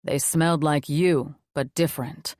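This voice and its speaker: A woman voicing a commanding demon wolf man, calm and watchful, with a steady, measured delivery. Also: a little high, no room sound, studio quality, voice pushed down, lightly acted.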